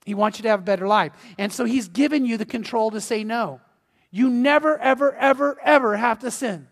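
A man with a high voice delivers a lively sermon, stumbling over repeated starts as he talks to his congregation. His voice rings with the long reverb of a church hall. He sounds unscripted and chatty. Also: fairly quick. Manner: animated, conversational preaching with repeated restarts. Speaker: pastor. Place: church sanctuary.

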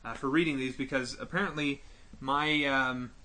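A man's voice: mid-range voice, steady tone, moderate pace, bright, forceful tone. A man co-hosting a podcast in casual chat, reading a listener's email aloud with jokes and small stumbles. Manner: chatty, joking, stumbles over words while reading. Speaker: podcast co-host.

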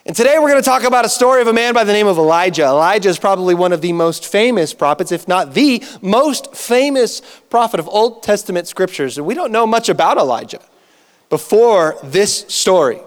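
A man preaching a sermon as a pastor, telling stories in an animated way and acting out the dialogue himself. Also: high voice, quick pace. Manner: animated storytelling with acted-out dialogue. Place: church hall. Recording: long church hall reverb.

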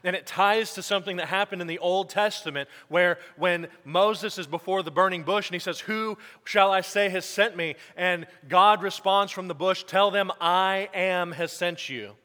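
A male pastor giving church announcements and then a sermon, halting with fillers at first and then preaching emphatically. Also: high voice, sharp tone. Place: church sanctuary. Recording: long church reverb.

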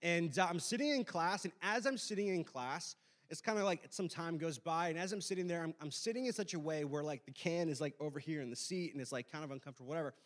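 A man's voice: a little high, fast. A young adult man preaching a sermon, reading scripture and praying, then telling a self-deprecating story with lots of fillers. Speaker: pastor.

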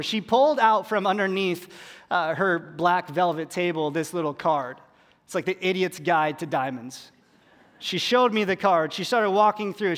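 A pastor preaching in a relaxed, storytelling way, poking fun at himself as he goes. His voice is high for a man. The sound trails off into the long reverb of a big hall. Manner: conversational, self-deprecating humor. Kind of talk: sermon storytelling.

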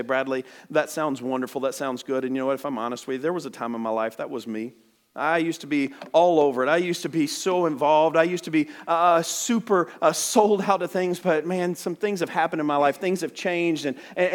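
A man with a slightly higher voice preaches a sermon as a missionary. He tells his story earnestly, repeats and restarts words, and sinks into quiet, hushed tones at the tender moments.

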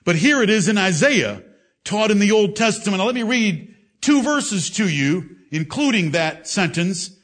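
High-voiced man preaching a sermon. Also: lively intonation, moderate pace, a bit bright. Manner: emphatic King James scripture reading. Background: congregation responses.

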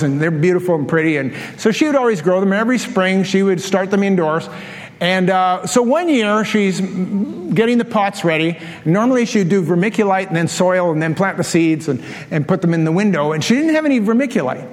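High-voiced animated male pastor. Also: long reverb tail. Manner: animated storytelling with acted-out quotes. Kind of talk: sermon.

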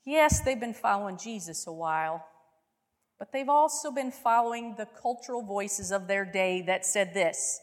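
A woman's voice: medium pitch, normal speed, in a large hall. A woman preaching a sermon, telling a story vividly and often asking her listeners rhetorical questions.

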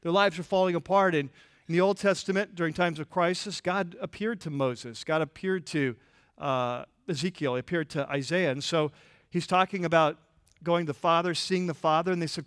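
A man preaching a sermon in a church with a higher-than-usual voice. He talks conversationally, stumbling over restarts and filler words. The sound is close and dry. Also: moderate pace, fairly bright tone, clear, resonant tone, no echo. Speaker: pastor.

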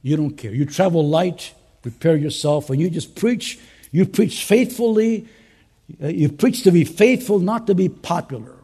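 Husky high-pitched impassioned preacher man. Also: moderate pace. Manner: impassioned, swinging between loud urging and soft earnest asides; conversational, joking asides to fellow pastors. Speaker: pastor. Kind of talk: conference sermon.

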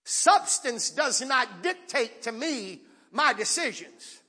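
Pastor guy preaching hard, high husky voice, big church echo. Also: very animated, takes it slowly. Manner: impassioned, rising to shouts with audience call-outs. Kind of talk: sermon. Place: church sanctuary.

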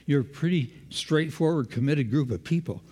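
A man's voice: a little high, moderate pace, warm tone, big-room sound. A man preaching a sermon, engaging the congregation with questions.

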